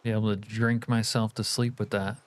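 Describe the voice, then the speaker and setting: Profane, joking streamer man, low voice. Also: flat delivery, a little fast, slight background noise. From California. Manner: joking, profane banter with chat. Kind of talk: casual live-stream chat.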